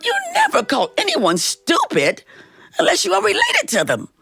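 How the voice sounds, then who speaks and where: A woman's voice: extremely high pitch, wildly swooping pitch, moderate pace, gravelly, over music, pitched above the performer's own voice, heavily acted. A woman storyteller voicing a sassy, stern old fairy who scolds sharply. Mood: scolding. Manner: sharp-tongued, scolding, calls people honey.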